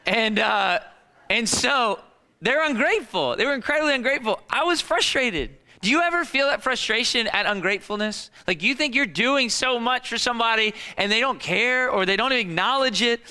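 Man, thirties, pastor, sermon, animated storytelling, crisp clear tone. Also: very high voice. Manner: animated storytelling, acts out disciples and kids in quick voices.

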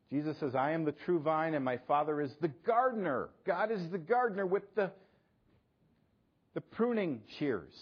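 A man preaching a sermon, asking rhetorical questions and swinging between loud emphasis and hushed, quiet lines. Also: fairly high pitch, muffled recording. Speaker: pastor.

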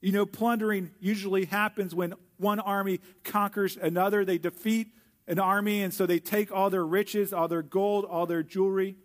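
Male preacher, fairly high voice, earnest sermon delivery with slow, stressed repetitions. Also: level tone. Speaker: pastor.

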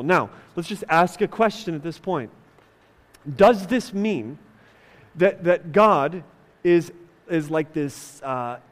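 A male pastor delivers an emphatic sermon in a slow, deliberate cadence. His voice sits high, and a long reverb trails each phrase through the hall. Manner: emphatic preaching, voices God's lines.

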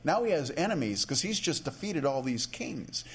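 Conversational preacher, higher-pitched man. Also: sing-song, normal speed, gravelly. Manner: conversational, many restarts and asides. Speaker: pastor. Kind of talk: sermon.

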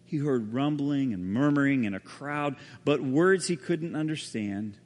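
A man preaching a sermon as a pastor, telling the story dramatically and often dropping to a hushed voice. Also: medium pitch, expressive, unhurried. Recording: reverberant hall.

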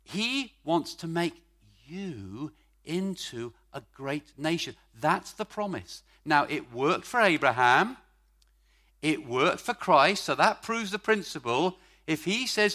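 A middle-aged man preaching a sermon at a church service, emphatic, stretching key words and swinging from loud to quiet. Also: fairly high pitch, lively intonation, slow pace.

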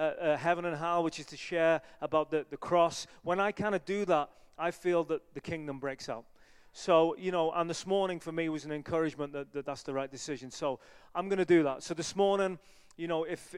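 A male evangelist preaches in a church, his talk earnest, conversational and full of fillers. His voice is fairly high and smooth. A long reverb from the hall trails each phrase. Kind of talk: sermon.

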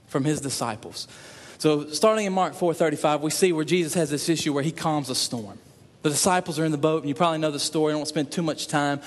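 A man preaching a sermon in an earnest way, repeating phrases for emphasis and voicing prayers aloud. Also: medium pitch. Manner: earnest, repetitive emphasis, acts out prayers in quotes. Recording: long reverb in a hall.

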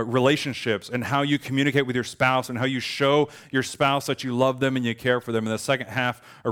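A man's voice: mid-range voice, a bit bright. A man in his thirties preaching a conversational, earnest sermon, lifting his voice when he quotes a lament. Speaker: pastor.

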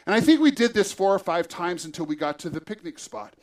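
High-voiced man preaching with a story. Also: a little fast. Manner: lively storyteller, acts out the scene. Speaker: pastor. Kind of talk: sermon with personal story. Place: church.

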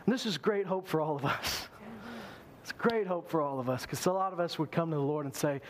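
A male pastor preaches animatedly in a high, brisk voice, acting out the voices of those he quotes.

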